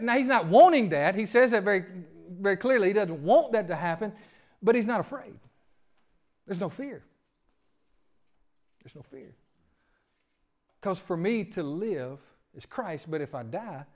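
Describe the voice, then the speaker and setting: Animated preacher with a high voice. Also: male voice. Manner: animated, draws in the congregation with questions. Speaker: pastor. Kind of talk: sermon.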